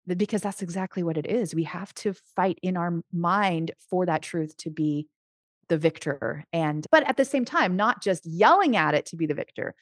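A middle-aged woman who works as a Christian life coach, speaking in a casual podcast conversation. She is earnest and animated, often restarting her sentences. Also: lowish voice, moderate pace, no echo, studio quality.

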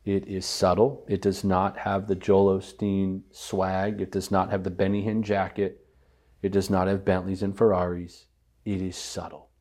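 Man, podcast guest, lowish voice, earnest, emphatic, stacks repeated phrases. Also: monotone, moderate pace, a little mellow. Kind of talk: earnest conversational teaching.

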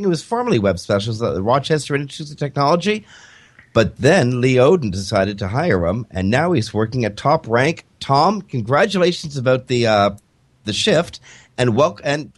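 A man from Canada hosting a web radio show, chatting casually and joking with his guest. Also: mid-range voice. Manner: chatty, joking, animated delivery.

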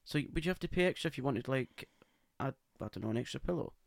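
A man's voice: medium pitch, lively intonation, fast, vocal fry, no echo. A man co-hosting a casual podcast, camp and playfully teasing. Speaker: podcast co-host. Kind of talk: casual chat. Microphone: podcast microphone.

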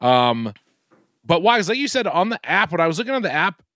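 A man hosting a podcast, telling casual stories with lively swearing. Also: high voice, brisk, no echo, studio quality. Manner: animated, swearing storyteller. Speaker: podcast host. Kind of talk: casual chat.

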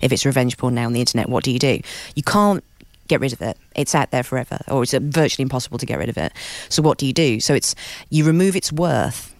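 A middle-aged British woman talks very fast in a candid interview, blunt and unafraid to swear. She fills her rushing sentences with "you know" and "like." Her voice sounds dry and close to the mic. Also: rumbling low, dry recording. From Britain. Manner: blunt, rapid and swearing freely, with many "you know" fillers. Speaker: author and guest.

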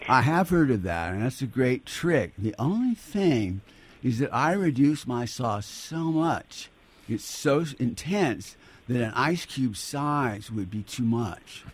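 A man, a chef and cookbook author, chatting as a guest on a radio call-in show, relaxed and modest, thinking aloud. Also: medium pitch, takes it slowly, slightly rough.

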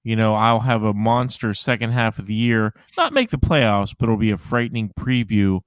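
A man's voice: on the low side, lively intonation, normal speed, clean tone, no echo. Wry joking man on a dry mic. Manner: wry, joking, laughs often. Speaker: podcast co-host. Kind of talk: casual chat about fantasy baseball.

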